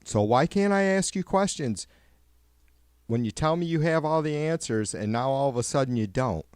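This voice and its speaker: A man hosting a livestream, ranting with heavy swearing and sarcasm, rambling and getting louder when worked up. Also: mid-range voice, expressive, normal speed, clean tone, no echo, clean studio sound. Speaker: livestream host. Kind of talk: profane political rant.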